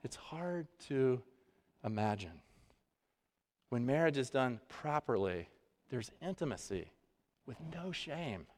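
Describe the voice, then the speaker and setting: A pastor giving a conversational sermon, with dramatic pauses. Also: male voice, medium pitch, expressive, darkish tone. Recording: long hall reverb.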